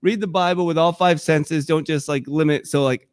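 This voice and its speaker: A man's voice: fairly high pitch, steady tone, fairly quick, few pauses, clear, resonant tone, no room sound, clean studio sound. A man preaching a sermon in a church, talking in a conversational, emotional and impassioned way. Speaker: pastor.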